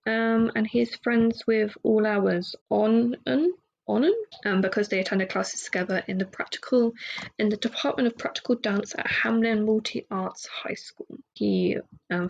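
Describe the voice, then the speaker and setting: A woman's voice: medium pitch, normal speed, gravelly, muffled recording. A woman hosting a solo podcast, chatting casually and rambling with fillers and side remarks. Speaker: podcast host.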